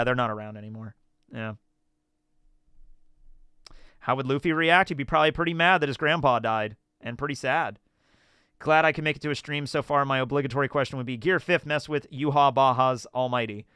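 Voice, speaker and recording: A man talking on a casual live stream, his voice bright and smooth. He rambles through questions and stories and gets animated along the way. The sound is dry and close to the mic. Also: mid-range voice, no echo. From United States. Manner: rambling, animated storytelling with laughs.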